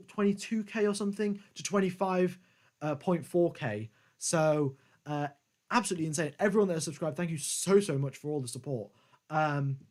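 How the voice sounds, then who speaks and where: A man hosting a casual live stream, giving rambling, conversational race commentary and thanking his viewers. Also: on the high side.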